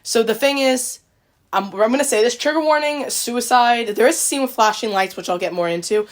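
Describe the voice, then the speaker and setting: A woman's voice: on the high side, fairly quick. A woman hosting a podcast in casual chat, retelling a story with many likes and quoted voices. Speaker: podcast host.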